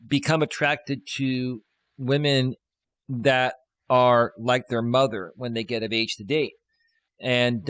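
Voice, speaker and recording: A man talks casually on a live stream as a life coach, explaining step by step in a calm, reassuring way. His voice sits at a middle pitch, and the recording is dry, with no room sound. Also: no room sound.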